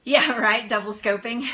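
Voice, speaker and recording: A woman's voice: a little high, pushed and bright. A woman hosting a live cooking stream from her kitchen, chatting in a bubbly way and answering viewers' comments. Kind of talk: casual live-stream chat.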